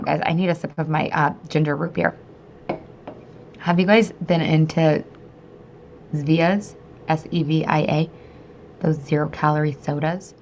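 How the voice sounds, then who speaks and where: Brief: thirties woman, podcast host and coach, casual monologue, lowish voice, chatty, swears freely. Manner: chatty and animated, swears freely, laughs often.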